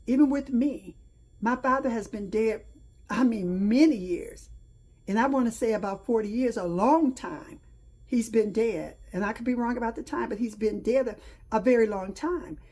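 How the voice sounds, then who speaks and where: A woman's voice: fairly high pitch, a little mellow, breathy edge. A middle-aged woman hosting her own talk show, telling a personal story in an earnest, reflective way. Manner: earnest storytelling with pauses and restarts. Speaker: host.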